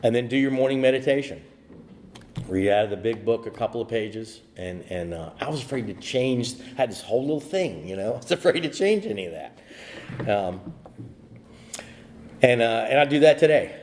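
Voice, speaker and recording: A man's voice: mid-range voice, animated, normal speed, darkish tone, a little hiss or hum. A man telling his recovery story at a meeting, rambling with many fillers and restarts. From USA. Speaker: AA speaker. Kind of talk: personal recovery talk.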